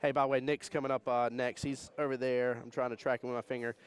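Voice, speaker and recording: A man giving jokey, animated live commentary on a pool tournament and reading chat comments aloud. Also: mid-range voice, fast, clear, resonant tone. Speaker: pool match commentator and streamer. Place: pool hall during a tournament.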